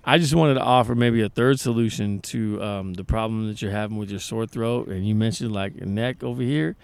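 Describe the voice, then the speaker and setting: A man's voice: on the low side, fairly quick, vocal fry, darkish tone, clear, resonant tone. A man co-hosting a podcast in casual chat, joking and teasing, swearing casually. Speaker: podcast co-host.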